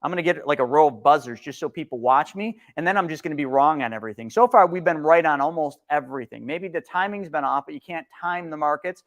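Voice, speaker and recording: A middle-aged man with a slightly high voice, co-hosting a live market stream. He talks bluntly and sarcastically, pushing hard on his points and mocking the news. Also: fast, hardly any pauses. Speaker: co-host.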